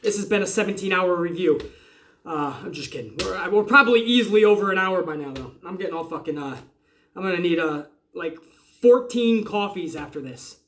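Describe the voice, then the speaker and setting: Excitable man ranting about wrestling. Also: high-pitched, a little fast. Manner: excitable, swears freely, rambling with restarts. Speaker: wrestling review vlogger. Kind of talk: casual profane review rant.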